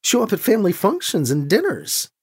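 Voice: medium pitch, huge pitch swings, a little fast, darkish tone, breathy edge. A narrator doing a stern, doting aunt. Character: stern, loving older aunt.

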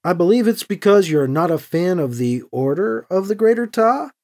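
A man's voice: sits high, lively intonation, normal speed, a little mellow. A man reading the lines of a wary human adventurer who keeps a respectful tone. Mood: polite. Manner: respectful, careful.

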